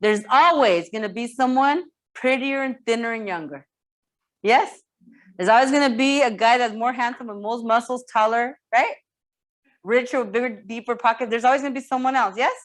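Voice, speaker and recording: A woman coaching real estate agents in a lively training talk, often repeating herself and checking that the room follows. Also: fairly high pitch, normal speed. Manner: energetic, repeats words, asks the room for checks.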